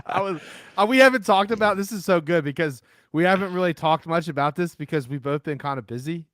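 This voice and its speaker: A man's voice: a little high, lively intonation, normal speed, a bit bright, dry recording, studio quality. A man co-hosting a sports podcast, chatting casually, laughing and swearing freely. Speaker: podcast co-host.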